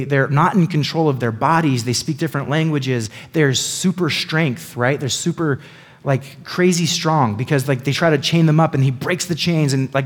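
A man teaching a Bible passage in a relaxed, chatty way. His pitch sits in the middle for a man, and he keeps tossing quick asides to his listeners. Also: slightly rough. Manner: chatty, lots of "like" and "right?" asides.

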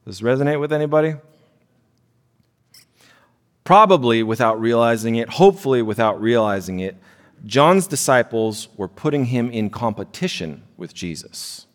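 A man's voice: mid-range voice, expressive, a little fast. A man in his thirties preaching a sermon in church, conversational and self-deprecating, with frequent "right?" asides. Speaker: pastor. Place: church sanctuary. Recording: long hall reverb.

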